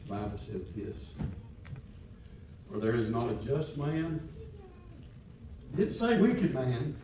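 Male preacher, high voice, colloquial and shouting, heard from afar in a roomy church with faint noise. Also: big pitch swings, slow pace. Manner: swings from quiet reading to shouted preaching; folksy, colloquial phrasing. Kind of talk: sermon. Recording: echoey hall from far off.

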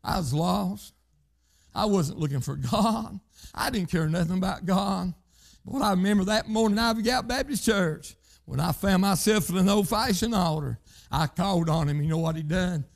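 A man with a drawl delivers a sermon in a high, light voice. He preaches fervently, punctuating lines with repeated interjections. His delivery leaps from shouting to near-murmured phrases. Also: moderate pace, creaky. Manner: fervent, repeated "hey" interjections, swings between loud shouts and low quiet lines.

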